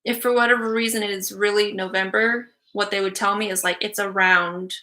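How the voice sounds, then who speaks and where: A woman's voice: medium pitch, fairly even intonation, brisk, pushed and bright. A young woman giving psychic readings on a live stream, chatty and giggly with many fillers.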